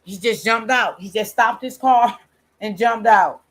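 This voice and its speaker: A man's voice: high-pitched, a little slow, a bit bright. A man on a discussion panel talking in a casual, chatty, slangy way.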